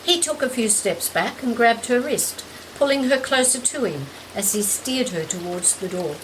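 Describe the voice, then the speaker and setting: Woman narrator, measured and gentle story reading, clear rain sound behind. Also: on the high side, a little hiss or hum, poor audio. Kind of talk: scripted narration. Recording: steady rain in background.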